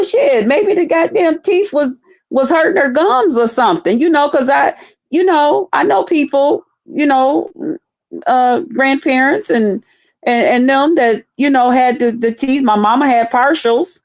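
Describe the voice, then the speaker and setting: A middle-aged woman, telling a heated, profane story on her stream and acting out other people's voices. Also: a little high. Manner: profane, blunt, acts out quoted voices. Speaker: streamer responding to a rival.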